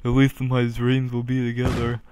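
A man doing goofy let's play commentary, joking along and bursting into loud yelps. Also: medium pitch, completely flat delivery, moderate pace, noisy background. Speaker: gaming commentator.

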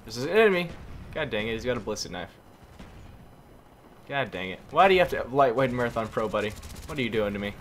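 A hoarse young man giving excitable gameplay commentary, groaning and exclaiming at his teammates. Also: mid-range voice, fast, long pauses, a little hiss or hum. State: hoarse, losing voice. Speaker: gaming YouTuber. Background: faint gunfire from the game.

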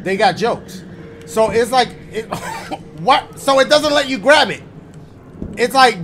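A man's voice: extremely high pitch, lively intonation, takes it slowly, long pauses, fairly bright tone, a little hiss or hum. A man hosting a let's-play of a horror game, cracking jokes and swearing as he reacts, yelping when something startles him. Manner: joking, profane running reactions, yelps when startled. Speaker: gaming channel host. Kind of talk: casual let's-play commentary.

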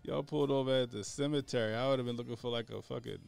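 Man, podcast co-host, joking, reactive, mid pitch. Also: steady tone, very fast, gravelly, a little mellow, clear, resonant tone, faint music behind. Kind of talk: casual chat.

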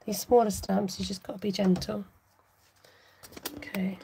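A woman's voice: medium pitch, level tone, a little slow, vocal fry, long pauses, dark tone, a little hiss or hum. A woman hosting a card-making tutorial, chatting and thinking aloud to herself as she works. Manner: chatty, self-talking, giggly, scattered.

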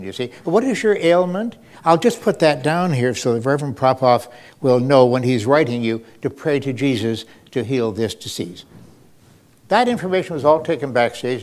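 A man telling an anecdote in a wry, unhurried way, often pausing with fillers and chuckling. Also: mid-range voice. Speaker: storyteller. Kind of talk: anecdotal talk.

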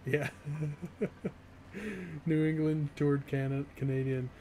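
A man's voice: on the high side, slow pace, darkish tone, a little hiss or hum. A young man in his twenties, from the northeastern US, chatting casually and rambling with chat while streaming a game, often laughing.

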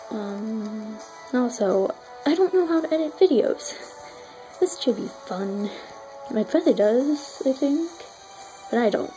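A woman's voice: on the high side, dark tone, poor audio. A woman giving casual, self-deprecating commentary while playing a video game, apologizing often and filming on a phone. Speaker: let's play gamer. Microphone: phone filming a screen.

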